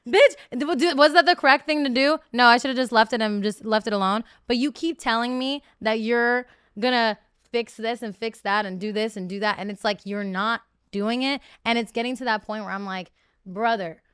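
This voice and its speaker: A young woman in her twenties speaks as a podcast guest with a bright, clear, smooth voice, pitched a little high. She talks candidly and swears freely, leaping higher and louder whenever she acts out a quote. The studio sound is close and dry. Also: moderate pace, no echo. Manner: animated, profane, acts out quotes with sharp jumps in pitch and volume. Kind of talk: candid storytelling interview.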